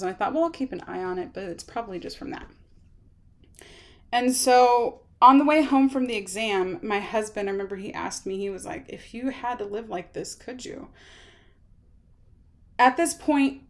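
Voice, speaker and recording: A woman in her thirties telling her own illness story to camera, rambling and halting with many fillers and restarts. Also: a little high. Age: 30s.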